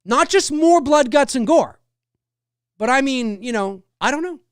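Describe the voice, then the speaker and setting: Casual male livestream host, rambling and reading viewer comments, smooth voice, dry sound. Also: very high voice, animated, unhurried, no echo.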